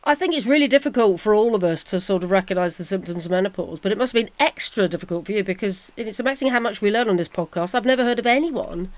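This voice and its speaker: A woman's voice: medium pitch, quick pace, hardly any pauses, no room sound. A woman co-hosting a podcast, speaking sympathetically to her guest in casual chat. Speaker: podcast co-host.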